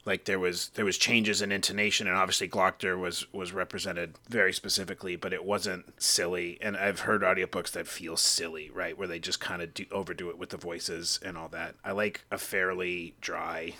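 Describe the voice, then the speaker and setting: A man's voice: low voice, flat delivery, normal speed, hardly any pauses, sharp tone. A man co-hosting a podcast, giving opinions in a casual way that often trails off unsure. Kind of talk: casual discussion.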